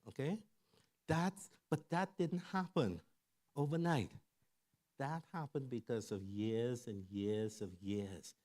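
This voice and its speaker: A middle-aged man giving a lively sermon-style talk on family and parenting, telling stories conversationally and checking in with the audience. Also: medium pitch, slow pace. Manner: animated storyteller who acts out quoted voices. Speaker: church speaker on family and mental health.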